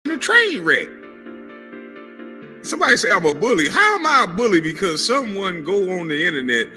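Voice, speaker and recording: A man with a high, bright voice taunts and laughs sarcastically on a live stream, his pitch swinging widely. Faint music sits behind him. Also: sing-song, moderate pace.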